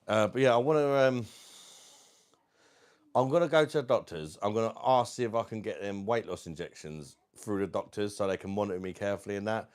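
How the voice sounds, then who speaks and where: A man's voice: fairly low pitch, brisk, smooth. A man with a London accent, casually chatting on a livestream at home, reading out viewer comments and calling everyone mate. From South East London. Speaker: livestream host.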